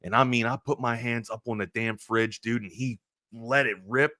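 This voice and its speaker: A man hosting a sports talk show, telling a long personal story in a rambling, animated way full of restarts. He is from Maryland. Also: mid-range voice, moderate pace, dry recording, clean studio sound. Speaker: sports talk radio host.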